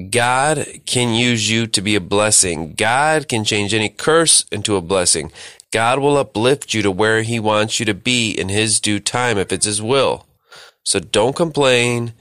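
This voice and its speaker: Man, Bible study teacher, earnest exhortation, slow delivery, dry close recording. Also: on the low side, a bit bright, clean tone, no room sound.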